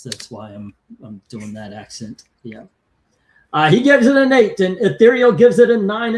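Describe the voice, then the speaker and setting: A man hosting a casual live stream, chatting and reading out viewer comments and scores. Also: high-pitched. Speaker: host of a live comic-cover ranking stream.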